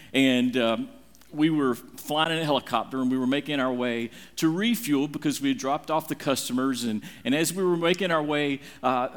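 A middle-aged man preaching a sermon, telling a story with dramatic, animated swings in his voice. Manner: animated, dramatic retelling with big swings in pitch. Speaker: pastor.

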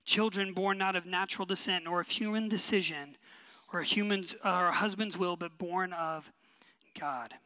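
A male pastor preaches emphatically and conversationally, returning to short repeated phrases. His high, sharp, forward voice moves at a normal speed, recorded dry and close with no room sound.

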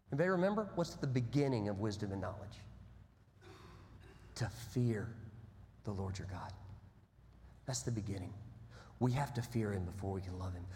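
A man preaching a sermon as pastor, telling stories with big swings between loud bursts and hushed, low passages. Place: church sanctuary. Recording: long hall reverb.

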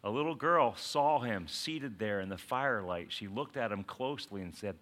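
A man preaching a sermon in an animated way, acting out quotes and asking the congregation questions. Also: mid-range voice, a little slow, long pauses. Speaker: pastor.

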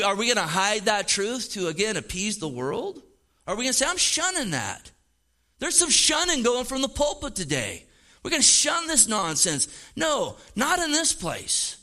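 A man's voice: sits high, pushed and bright. A man preaching a sermon as pastor, emphatic and casual, with slang.

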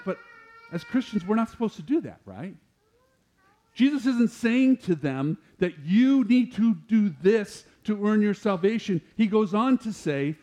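High-voiced preaching man. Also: measured pace. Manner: animated preaching, rising louder when quoting scripture. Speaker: pastor. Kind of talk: sermon.

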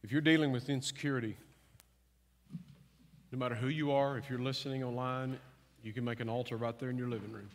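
Fervent pastor in an echoing hall. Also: male voice, mid-range voice, fairly even intonation, a little fast, pauses often. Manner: teasing, then fervent and pleading. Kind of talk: sermon with altar call. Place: large church with live music. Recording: long hall reverb, music behind.

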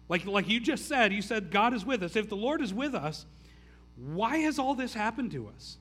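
Pastor, male, high and bright tone, casual sermon with stumbling restarts. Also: expressive, normal speed. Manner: casual, stammering restarts, frequent "like". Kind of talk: conversational sermon.

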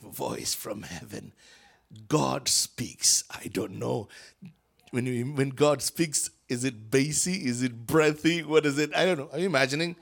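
A man from Africa, a guest preacher, telling a Bible story in an animated sermon, acting out voices and swinging from whispers to shouts. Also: mid-range voice, unhurried, gravelly.

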